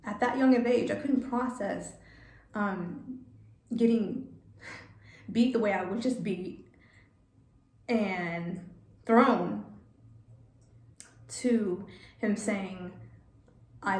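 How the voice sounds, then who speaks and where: A woman telling a personal story in a vlog, halting and repeating words, getting emotional. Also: mid-range voice, echoey room. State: emotional, near tears. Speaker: vlogger.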